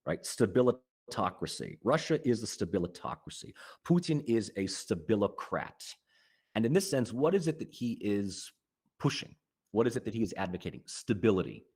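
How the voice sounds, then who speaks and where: A man, a political science lecturer, answering interview questions at length with animated, emphatic stress. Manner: animated, emphatic rises in pitch and loudness.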